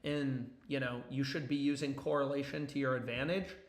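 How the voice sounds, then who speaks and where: A young man talking casually and profanely on a live stream about sports bets, rambling and getting excited as he goes. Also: medium pitch, normal speed, reverberant. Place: home basement.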